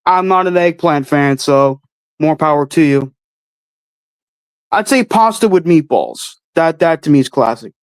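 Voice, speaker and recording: A man's voice: a little high, expressive, a little slow, clear, resonant tone, no echo. A man hosting a livestream, answering chat questions with blunt, offhand opinions and casual swearing. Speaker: host answering live chat.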